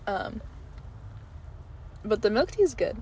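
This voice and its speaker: A woman's voice: medium pitch, big pitch swings, takes it slowly, darkish tone, a little hiss or hum, rough recording. A young woman giving a casual, rambling food review while eating, chatty and giggly with many ums. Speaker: vlogger.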